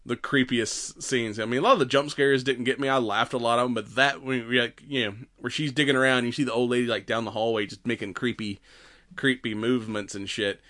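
Dude chatting about a horror flick, rambly, laughs a lot, does little voices for the scenes. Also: male voice, mid-range voice, fairly even intonation, fairly quick, a bit bright. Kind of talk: casual movie review chat.

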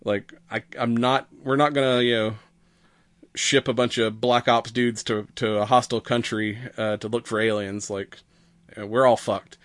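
In a casual movie recap chat, a male podcast host retells the plot at a moderate pace, his mid-range voice showing little pitch movement with no room sound. He's rambling and profane, voicing the characters' quotes and laughing.

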